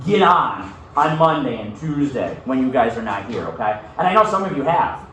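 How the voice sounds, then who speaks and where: A man's voice: medium pitch, big pitch swings, normal speed, a bit bright, a little hiss or hum. A male teacher reads a novel aloud to his class and then talks it through in a casual way, often checking in with "okay?". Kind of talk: reading aloud and class discussion. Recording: very echoey room, far from mic.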